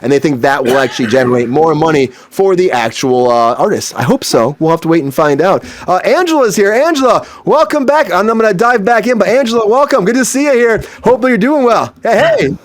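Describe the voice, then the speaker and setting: A man's voice: high-pitched, expressive, a little fast, few pauses. A man hosting an entertainment news show, chatting casually in a rambling way that repeats itself. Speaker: host.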